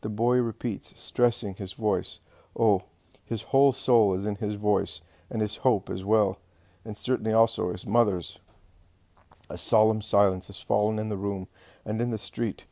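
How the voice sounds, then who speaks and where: A man giving an earnest, measured scripted reading of a religious narrative. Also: fairly low pitch, fairly even intonation, mellow, dry recording.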